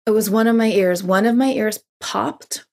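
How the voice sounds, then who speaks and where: A woman's voice: medium pitch, moderate pace, a little mellow. A woman in her forties hosting a podcast, telling a personal story in a reflective way. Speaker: podcast host. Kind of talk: podcast conversation.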